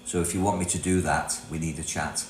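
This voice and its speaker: An older British man hosts a casual self-help livestream from a property in Thailand, chatty and rambling, reading viewer comments aloud and laughing often. His voice is extremely low, steady in tone and fairly quick, recorded in an echoey room with mains hum.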